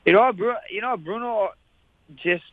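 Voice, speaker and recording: A man's voice: high voice, measured pace, no echo. A man from Hawaii, a fighter talking as an interview guest in a laid-back, rambling way full of "you know". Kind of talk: casual interview chat. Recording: tinny phone-like line.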